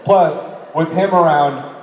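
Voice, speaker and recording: Speaking slowly in a slightly high voice, a New Yorker on a convention panel chats with fans, poking fun at himself and laughing a lot. The casual Q&A comes through a PA in a large, echoey hall full of people, picked up by a distant mic.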